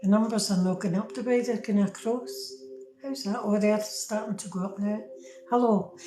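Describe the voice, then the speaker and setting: A woman's voice: medium pitch, steady tone, moderate pace, music in the background. A middle-aged Scottish woman from Scotland giving chatty tarot readings on a phone live stream, talking straight to her viewers. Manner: chatty, talks to viewers, fumbles with the app. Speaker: tarot reader. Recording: echoey room with faint ambient noise.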